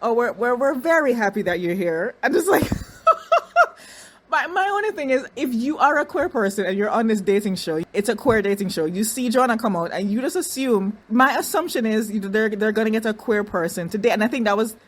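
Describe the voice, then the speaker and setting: A woman casually reviewing a reality dating show, chatty and animated, restarting sentences and doing mocking impressions. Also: a little high, fairly quick, a little hiss or hum. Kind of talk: casual recap commentary.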